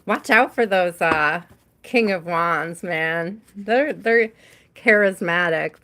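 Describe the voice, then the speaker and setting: A woman's voice: lowish voice, slow, pushed and bright. A woman hosting a live tarot stream, reading cards for viewers by name in a chatty way and laughing often.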